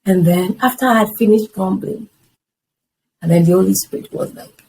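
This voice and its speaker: Telling her personal story as an interview guest, a woman in her fifties animatedly acts out past conversations from along the way. She speaks at medium pitch and normal speed with vocal fry, and the poor audio has a little hiss or hum.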